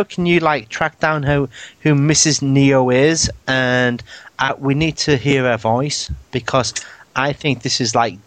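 A man's voice: mid-range voice, no echo. A man hosting a live radio show, joking and rambling with swearing and laughs. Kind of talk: casual live radio banter.

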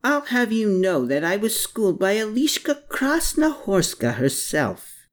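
A woman's voice: mid-range voice, big pitch swings, unhurried, pitched above the performer's own voice. A narrator voicing Anna, a spirited, independent young woman who teases and grumbles. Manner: teasing, grumbling.

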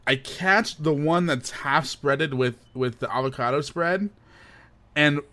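A young man co-hosting a podcast, telling a story in casual chat, animated and often breaking into laughter. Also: on the high side, takes it slowly, no room sound. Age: young adult. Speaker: podcast co-host.

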